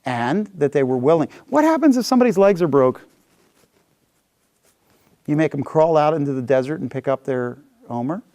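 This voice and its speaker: Male Bible teacher, high and lively, acts out the complaints in his readings. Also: normal speed, pauses often. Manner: animated, acts out people's complaints. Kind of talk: Bible class lecture.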